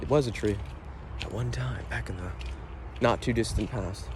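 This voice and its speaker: A man thinking out loud outdoors near a lake, rambling in a playful, self-questioning way. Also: lowish voice, normal speed, a little hiss or hum. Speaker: vlogger. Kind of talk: casual reflective monologue.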